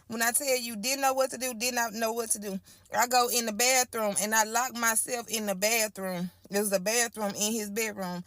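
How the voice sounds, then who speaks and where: A woman's voice: on the high side, fairly bright tone, dry recording, clean studio sound. A woman giving an emotional first-person account of a frightening night. She talks colloquially, repeats her phrases and speaks to listeners as y'all. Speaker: storyteller giving a testimony.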